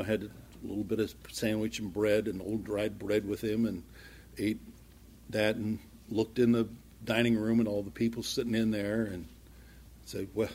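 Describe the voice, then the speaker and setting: Man, pastor, sermon, husky voice, conversational, fervent build. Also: fairly low pitch. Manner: conversational, acts out small dialogues, grows louder and more fervent.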